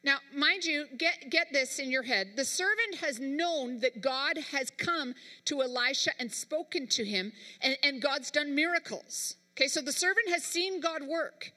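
A woman's voice: high-pitched, expressive, unhurried, few pauses, sharp tone, big-room sound. A woman preacher delivering a sermon, talking emphatically and straight to her congregation. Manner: emphatic, speaks directly to the congregation.

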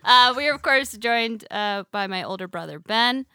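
Woman podcast host, bright giggly energy, dry studio sound. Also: fairly high pitch, lively intonation, normal speed, clear, resonant tone, no echo. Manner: giggly, scattered, enthusiastic. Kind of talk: casual comedy podcast chat.

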